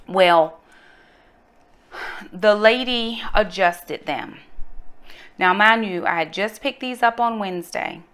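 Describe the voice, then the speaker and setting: A middle-aged woman from North Carolina, telling a personal story in a casual, animated way and calling her viewers y'all. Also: medium pitch, takes it slowly, pauses often, clear, resonant tone. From North Carolina, USA. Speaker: vlogger, mother.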